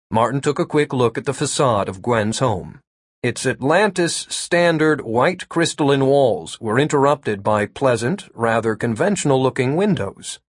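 A man narrating an audiobook in an expressive, wry storytelling manner. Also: mid-range voice, husky, no echo, studio quality.

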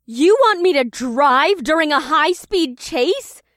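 A man's voice: extremely high pitch, lively intonation, takes it slowly, a bit bright, no echo, studio quality, voice pushed up, full character voice. A man voicing a nervous young redheaded woman who stammers, in an audiobook. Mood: panicked. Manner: stammering, timid.

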